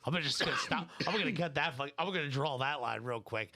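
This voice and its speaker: A man's voice: mid-range voice, expressive, fast talker, hardly any pauses, bright, forceful tone, dry recording. Chill guy cohosting a podcast, dry close sound, blunt and swears constantly. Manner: laid-back, profane and blunt. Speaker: podcast co-host. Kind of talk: casual podcast chat.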